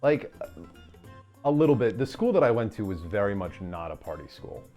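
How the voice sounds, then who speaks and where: A man's voice: fairly low pitch, big pitch swings, normal speed, darkish tone, soft background music. A man streaming a game speedrun, chatting casually and telling rambling, self-deprecating stories full of fillers. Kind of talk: casual chat during a livestream.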